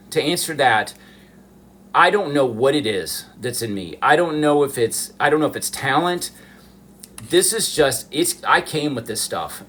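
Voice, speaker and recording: A man's voice: medium pitch, a bit bright, a little hiss or hum. A man from the southern United States who chats earnestly and animatedly to viewers during a live stream. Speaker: miniature artist hosting a live stream. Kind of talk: casual livestream chat.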